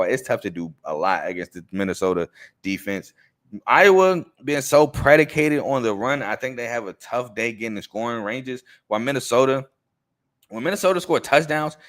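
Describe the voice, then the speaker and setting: A man hosting a sports show, talking through game previews and picks in a loose, conversational way with fillers and quick self-corrections. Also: fairly low pitch, fairly bright tone. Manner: confident, emphatic picks. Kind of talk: casual game-preview commentary.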